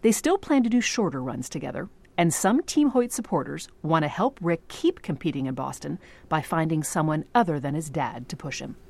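Radio reporter: woman with a low voice, measured scripted narration. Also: animated, darkish tone. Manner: measured, clear storytelling.

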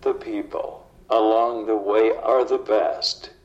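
A man speaking through a computerized synthetic voice, with flat, evenly spaced delivery. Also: fairly low pitch, takes it slowly. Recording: dull lo-fi playback.

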